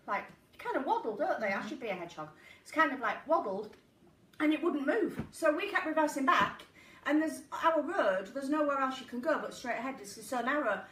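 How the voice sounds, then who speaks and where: A woman's voice: high voice, expressive, moderate pace, fairly bright tone. A woman hosting a casual live stream from her living room, chatty and giggly as she tells stories. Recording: echoey room, mic at a distance, faint noise.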